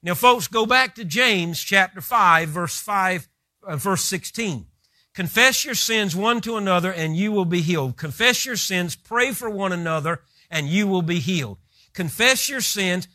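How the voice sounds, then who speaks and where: A man's voice: high voice, lively intonation, a little slow, bright, forceful tone, no room sound, clean studio sound. A man preaching a sermon who retells scripture with vivid, rising emphasis.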